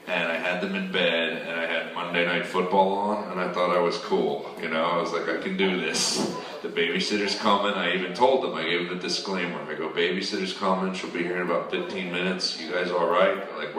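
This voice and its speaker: A man's voice: sits low, level tone, fairly quick, a crowd in the background. A man doing a stand-up set in a comedy club, chatty and riffing with the audience. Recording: distant roomy club recording. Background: audience laughter.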